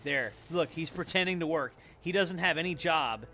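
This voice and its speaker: A man's voice: a little high, moderate pace, bright, forceful tone, soft background music. A young man streaming a game, rambling and swearing casually as he plays. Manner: rambling, profane, muttering to himself. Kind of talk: casual gameplay commentary.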